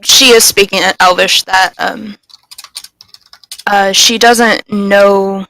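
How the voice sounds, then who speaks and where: Slow, hesitant woman playing a tabletop game. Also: mid-range voice, steady tone, vocal fry, sharp tone, no room sound, rough recording. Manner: hesitant, many ums. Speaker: player. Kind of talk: casual tabletop game talk.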